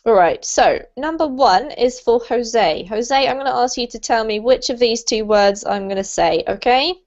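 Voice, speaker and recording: Over a video call, a woman with a British accent leads a small online class in English pronunciation, giving patient, encouraging explanations. She speaks at a normal speed in a slightly high voice, and the audio is lo-fi.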